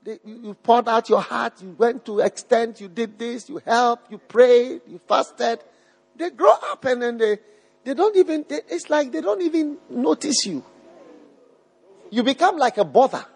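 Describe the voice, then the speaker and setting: A man's voice: very high voice, lively intonation, unhurried, creaky, darkish tone, slightly rough. A man preaching a live sermon to a congregation, emphatic, repeating his phrases and putting questions to the crowd. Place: church hall with a live congregation. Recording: long hall reverb.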